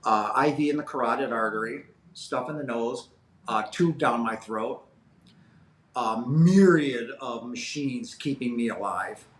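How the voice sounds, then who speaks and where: A man's voice: medium pitch, fairly bright tone, slight background noise. A man in his fifties, a guest telling a personal story in an interview, earnest and rambling with many fillers. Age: 50s. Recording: roomy echo.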